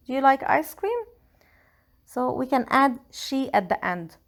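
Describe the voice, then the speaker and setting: Lebanese lady teacher, bit high voice, slow careful explaining, tutorial vibe. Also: expressive. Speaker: Arabic teacher. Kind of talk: scripted language tutorial.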